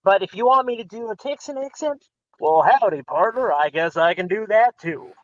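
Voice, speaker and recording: A high-voiced man from the United States talks as a podcast guest, rambling and restarting with frequent ums. His voice comes through a dull, lo-fi online call. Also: expressive, moderate pace. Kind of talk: casual chat.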